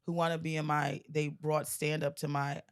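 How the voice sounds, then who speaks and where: A woman in her forties, a comedian guest, telling a long joke in casual podcast chat, animated and laughing often. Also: deep voice, moderate pace, smooth. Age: 40s. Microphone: studio mic.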